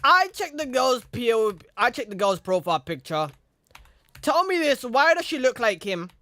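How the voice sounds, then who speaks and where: A man's voice: extremely high pitch, normal speed, no room sound. Young man telling a rambling story. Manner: rambling, animated, repeats "you know what I mean"; acts out the other people in his story. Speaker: streamer. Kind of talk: casual storytelling.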